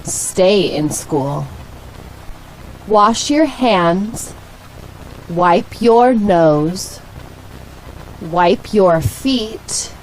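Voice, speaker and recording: A woman with an American accent reading short English sentences aloud for learners, slowly and with clear enunciation. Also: mid-range voice, darkish tone, a little hiss or hum, rough recording. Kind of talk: slow, deliberate read-aloud for learners.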